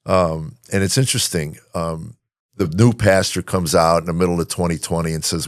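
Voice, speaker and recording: A man hosting a podcast in casual chat, halting, with many fillers and restarts. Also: sits low, fairly even intonation, no echo, studio quality. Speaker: podcast host.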